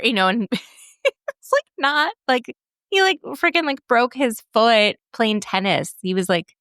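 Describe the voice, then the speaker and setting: A woman's voice: mid-range voice, expressive, moderate pace, fairly bright tone, no room sound, studio quality. Chatty woman telling funny family stories. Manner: chatty storytelling, laughs often. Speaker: podcast co-host. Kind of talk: casual chat.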